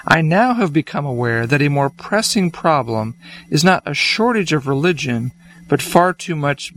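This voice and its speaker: A man co-hosting a religious discussion, explaining points in a steady, teaching way. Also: on the high side, moderate pace, rough recording. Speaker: co-host.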